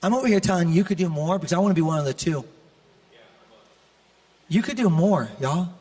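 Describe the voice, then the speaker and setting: A male pastor preaching an animated, conversational sermon with humor to a church congregation. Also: high voice, fairly quick, long reverb tail. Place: large church auditorium.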